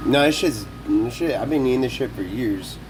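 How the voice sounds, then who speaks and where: A man's voice: medium pitch, animated, moderate pace, music in the background. A young man live-streaming from his kitchen on his phone, talking rowdy and profane while he cooks. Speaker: livestreamer. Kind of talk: casual live-stream talk while cooking.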